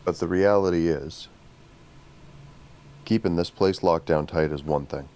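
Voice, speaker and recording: A man speaking as his character at a game table in a low voice. He sounds measured and reasonable. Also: a little mellow. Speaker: player.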